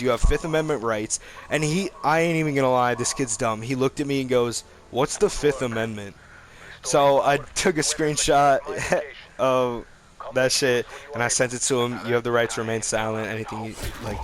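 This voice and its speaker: A man's voice: mid-range voice, fairly even intonation, normal speed. A young man vlogging, telling a rambling, profane story in casual slang.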